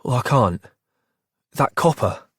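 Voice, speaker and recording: An eager young telegram boy speaks up in a raised voice, as a male narrator does him. The pitch sits well above the narrator's own voice, with a husky edge. It is a dry audiobook recording. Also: expressive, slow pace, fairly bright tone, no echo, full character voice. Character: young working-class London telegram boy. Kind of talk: audiobook character voice.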